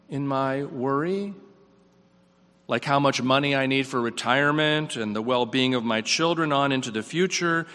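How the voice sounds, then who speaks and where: A male preacher delivers a sermon with a bright, forceful tone, reflective and earnest. His questions rise, then his voice sinks quiet. The sound rings with the long reverb of a church sanctuary. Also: fairly high pitch.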